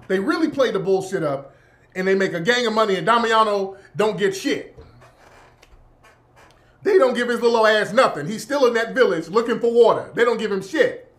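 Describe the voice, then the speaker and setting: A man commentating in a casual, profane, animated rant that often breaks into laughter. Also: sits high, moderate pace, pauses often. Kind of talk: casual monologue.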